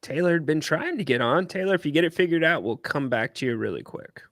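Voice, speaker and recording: A man's voice: a little high, expressive, fast, fairly bright tone, no echo, studio quality. A man co-hosting a sports podcast, chatting casually with short affirming replies. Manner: brief affirming interjections. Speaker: podcast co-host.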